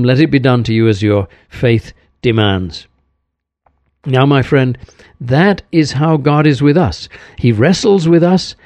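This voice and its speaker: A man preaching an earnest sermon, speaking directly to the listener and letting his voice sink low and soft at the ends of phrases. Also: dry recording. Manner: earnest, addresses listener as "my friend". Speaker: regular host of a recorded devotional.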